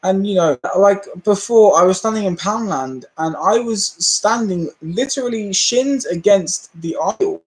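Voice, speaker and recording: A man hosting a casual livestream, ranting in an animated way, laughing often and swearing freely. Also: high voice, measured pace, hardly any pauses. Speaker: livestream host.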